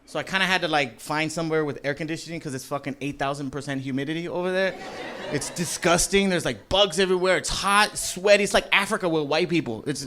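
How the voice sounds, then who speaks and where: A man performing a live stand-up comedy set in a club, loose and profane, rambling with lots of fillers and shouting mock voices of angry people. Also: on the high side, fast talker, noisy background. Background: audience laughter.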